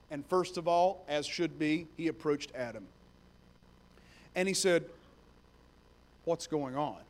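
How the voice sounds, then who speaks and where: A young adult man preaching a sermon in a conversational, storytelling way, animated as he retells scenes. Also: high-pitched.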